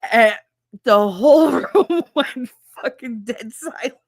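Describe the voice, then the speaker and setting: This thirties-aged woman livestreams, chatting casually with viewers and telling stories full of swearing and laughter. Her voice is fairly high and animated, delivered at a slow pace in a dry, studio-quality recording.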